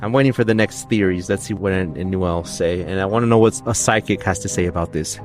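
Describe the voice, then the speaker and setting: A man's voice: low-pitched, fast talker, soft background music. A man co-hosting a podcast in casual conversation, rambling and joking, often restarting his sentences. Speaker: podcast co-host.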